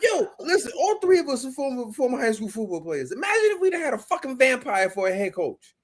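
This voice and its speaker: A man co-hosting a podcast in casual chat, profane and animated, acting out characters for laughs. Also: extremely high pitch, a little fast. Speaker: podcast co-host.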